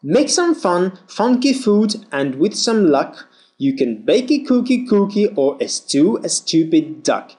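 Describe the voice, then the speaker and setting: Guy reading pronunciation drills, slow and super careful, voice jumps up and down a lot. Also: on the high side, dark tone. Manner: slow, deliberate, over-articulated reading. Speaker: pronunciation teacher.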